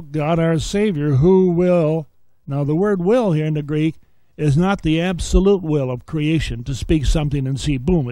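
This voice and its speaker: Measured man teaching a Bible lesson. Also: on the high side, mellow, dry recording. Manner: reads scripture aloud, then explains it point by point. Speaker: seminary teacher.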